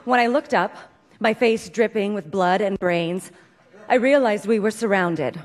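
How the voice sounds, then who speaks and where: A woman reads a comic story aloud with dry, deadpan timing. Her voice sits in a middle register for a woman. A long hall reverb trails behind every line. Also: mid-range voice, a little slow.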